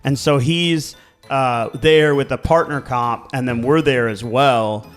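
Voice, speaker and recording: This real estate agent co-hosting a podcast speaks slowly in a medium pitch with a Baltimore accent. He's animated, laughing and swearing through casual stories as faint music plays behind.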